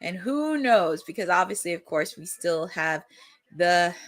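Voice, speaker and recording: A young woman hosting a live watch-along, chatting and reacting excitedly with frequent laughs. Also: on the low side, measured pace.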